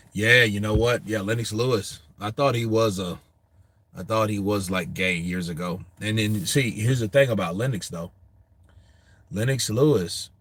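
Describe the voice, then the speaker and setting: The voice is a man's, on the low side, a bit bright with a breathy edge, recorded dry. He's an American boxing show host going through viewer comments, chatting casually and profanely, laughing easily and staying loose and crude with his chat.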